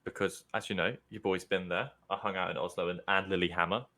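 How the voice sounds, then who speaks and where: A man's voice: sits low, steady tone, quick pace, bright, forceful tone. A man co-hosting a podcast in casual chat, making crude jokes and bantering. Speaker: podcast co-host.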